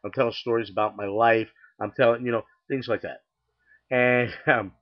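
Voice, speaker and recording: Man from New York City, laid-back storytelling, lots of fillers, slightly muffled recording. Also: fairly low pitch. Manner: rambling and chatty, with frequent fillers and laughs. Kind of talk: casual personal storytelling.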